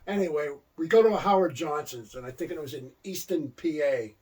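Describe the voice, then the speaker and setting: A man's voice: on the high side, animated, a little fast, a little mellow, distant mic, poor audio. An older man co-hosting a casual chat, telling rambling stories. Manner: rambling storyteller. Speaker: co-host.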